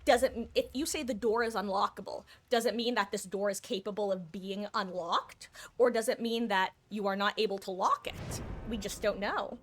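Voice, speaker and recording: A woman's voice: mid-range voice, steady tone, moderate pace, hardly any pauses, slight background noise. A woman streaming a game live, chatting casually to viewers in a rambling way, laughing often and correcting herself. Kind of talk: casual live-stream chat while gaming.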